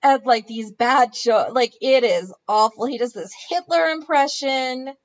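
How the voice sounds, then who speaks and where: Woman, podcast co-host, high pitch, emphatic, muffled lo-fi audio. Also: measured pace. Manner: blunt, emphatic, exasperated. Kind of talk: casual recap chat. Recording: dull lo-fi sound.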